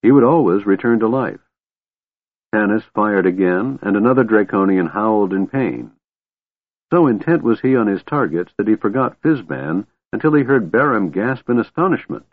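Male audiobook narrator, low voice, steady and measured, thin phone-like audio. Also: no room sound. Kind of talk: scripted fantasy narration. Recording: tinny phone-like, dry.

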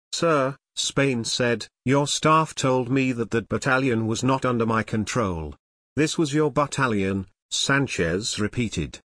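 Guy reading a nonfiction audiobook, steady and measured, mid pitch, dry booth sound. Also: dry recording. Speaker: audiobook narrator. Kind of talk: scripted nonfiction narration.

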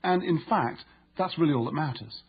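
A man narrating an instructive audiobook in a steady, explanatory way. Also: on the high side, moderate pace, narrow, tinny audio, a little hiss or hum.

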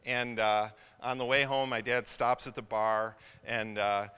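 A man's voice: mid-range voice, steady tone, unhurried, pushed and bright, clear, resonant tone. A male pastor preaching a sermon, telling a family story in a loose, conversational way with many fillers and restarts. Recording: long hall reverb.

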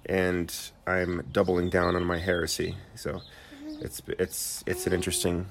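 A man's voice: deep voice, monotone, a little slow, gravelly, background noise. A man co-hosting a casual home podcast, talking in a rambling, hesitant way with a dry, sarcastic streak. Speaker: podcast co-host. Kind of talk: casual chat.

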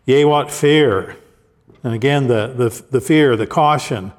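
A male pastor delivering a sermon in a relaxed, conversational way, often restarting phrases and slipping in little asides. His voice sits at an ordinary middle pitch. It carries a long reverb, as in a church sanctuary. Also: unhurried. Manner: conversational preaching, many restarts and asides, reads scripture aloud. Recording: hall reverb.

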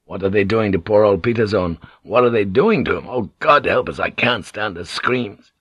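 A man's voice: on the low side, normal speed, a bit bright, breathy edge, no room sound. A male narrator voicing a terrified prisoner who whimpers and pleads in desperation, on a dull, lo-fi recording. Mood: terrified pleading.

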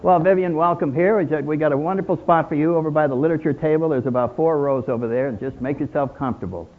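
A man's voice: on the high side, fast, natural voice. A man playing a cheerful male usher who welcomes people to a meeting. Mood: cheery welcoming. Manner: upbeat, welcoming. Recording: tinny phone-like sound.

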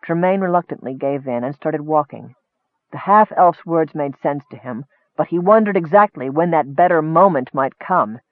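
A man reading a fantasy novel aloud in steady, measured narration. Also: a little high, no echo. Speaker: audiobook narrator. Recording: thin phone-like dry sound.

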